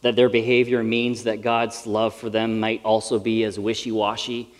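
A man's voice: lowish voice, flat delivery, moderate pace. A middle-aged man preaching a sermon to a live audience, in a conversational, earnest and self-deprecating way. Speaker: pastor. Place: large hall with live audience. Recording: reverberant hall.

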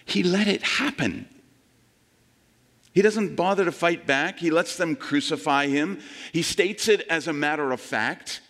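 A man preaching a sermon, telling the story with animated quoted voices. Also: fairly high pitch, normal speed, in a large hall. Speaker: pastor.

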